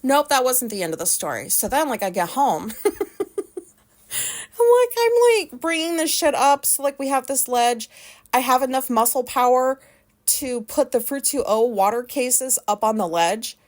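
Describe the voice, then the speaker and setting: A woman vlogger telling a story in a rambling, casual way, full of "like" fillers and swearing. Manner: animated, quick pitch jumps when telling a story.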